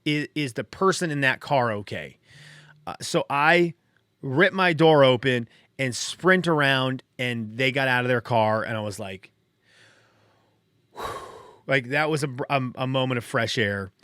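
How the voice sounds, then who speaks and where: A man in middle age talks through his story on his podcast, still shaken and a bit dazed. His voice sits at an ordinary middle pitch, recorded dry and close with no room around it. He rambles and restarts, leaning on filler words as he goes. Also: unhurried, a bit bright, smooth, no room sound. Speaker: podcast host. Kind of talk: casual personal storytelling.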